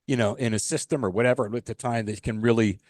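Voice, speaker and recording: A man's voice: mid-range voice, steady tone, fast talker, a little mellow, no echo, clean studio sound. A man co-hosting a podcast in casual chat, thoughtful and hedging with you know and like. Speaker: podcast co-host.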